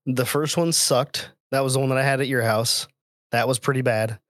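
A man co-hosting a casual podcast, telling a long story with laughs and bursts of loudness, speaking into a microphone on a remote call. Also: medium pitch, moderate pace, no room sound, studio quality. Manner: storytelling, animated, laughs often. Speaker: podcast co-host. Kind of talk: casual chat.

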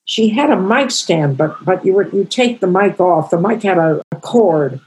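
Husky-voiced woman in her eighties. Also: fairly low pitch, expressive, darkish tone, rough recording. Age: 80s. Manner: emotional, halting, tearful. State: crying. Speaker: comedian guest. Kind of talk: storytelling interview answers.

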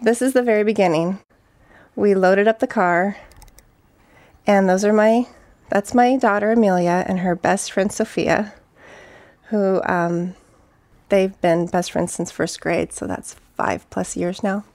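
A woman eyewitness reading from her journal in a hushed, halting way that drops to breathy whispers, then talking casually at home. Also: medium pitch, steady tone, no echo. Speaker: eyewitness guest.

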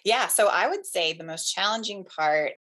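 A woman's voice: medium pitch, animated, moderate pace, fairly bright tone. A woman pastor who is a guest on a faith podcast, speaking in a thoughtful, candid way and laughing easily. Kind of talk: conversational interview.

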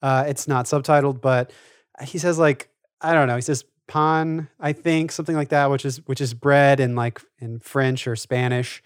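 A man's voice: mid-range voice, fairly even intonation, moderate pace, smooth, dry recording, studio quality. A man co-hosting a podcast, thinking aloud in rambling casual chat. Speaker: podcast co-host.

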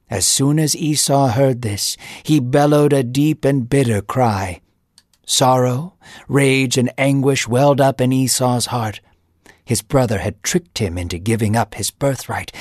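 A male narrator tells a scriptural story in a measured, dramatic storytelling voice at a middle pitch. Soft music plays faintly underneath him.

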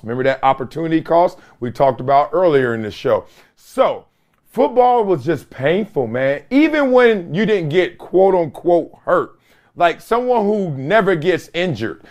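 A man's voice: a little high, lively intonation, a little slow. A middle-aged man hosting a podcast, telling a story in an emphatic, casual way with slang and repeated phrases. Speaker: podcast host. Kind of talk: solo podcast monologue.

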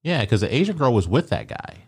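A man's voice: medium pitch, sing-song, brisk, gravelly, a little mellow, breathy edge. A man in casual chat who teases his friend and asks skeptical questions. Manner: laid-back, teasing, asks skeptical questions.

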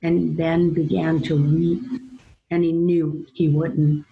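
A woman's voice: sits low, flat delivery, takes it slowly, vocal fry, phone-quality sound. A middle-aged mother speaking as a guest, telling stories earnestly about faith and parenting. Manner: earnest, storytelling, acts out voices in quotes. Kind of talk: Christian parenting talk. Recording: roomy echo.

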